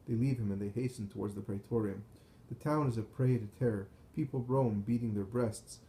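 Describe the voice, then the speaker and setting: A man reading a first-person visionary account in a measured, solemn way. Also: lowish voice, warm tone, slight background noise, low-quality recording. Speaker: narrator. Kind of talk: scripted first-person narration of a visionary text.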